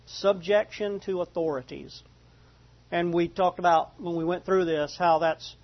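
A man preaching a sermon, reading Bible passages slowly, then repeating and explaining them. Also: fairly high pitch, muffled recording. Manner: reads scripture slowly, then restates and explains it. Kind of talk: slow expository Bible teaching.

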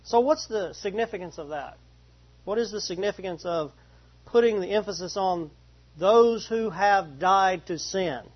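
A man with a fairly high, husky voice leads a Bible study at an unhurried pace. He reads verses deliberately and repeats key phrases. The recording sounds dull and lo-fi. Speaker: Bible teacher.

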